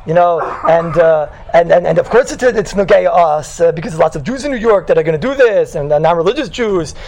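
High, gravelly rabbi teaching a class. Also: male voice, a little mellow, slight background noise, low-quality recording. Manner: conversational, teasing, keeps asking "right?"; tells stories, mixes in Hebrew and Yiddish terms. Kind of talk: Torah class lecture to a live group.

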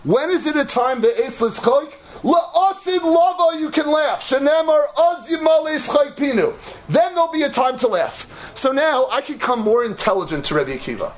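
A man giving an animated Torah sermon, building to shouts and peppering his talk with Hebrew and Yiddish terms. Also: very high voice, normal speed.

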